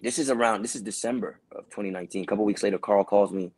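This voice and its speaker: A man's voice: fairly low pitch, racing, dry recording. A man from Brooklyn, telling casual, slangy stories as an actor guest. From Brooklyn, New York. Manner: animated, slangy, acts out voices. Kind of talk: casual storytelling.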